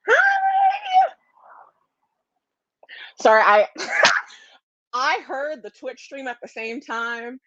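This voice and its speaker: A woman's voice: fairly high pitch, takes it slowly, sharp tone, no echo, highs cut off. A woman juror giving an emotional farewell speech over a video call, effusive and laughing, cursing freely, a little stoned. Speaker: jury member.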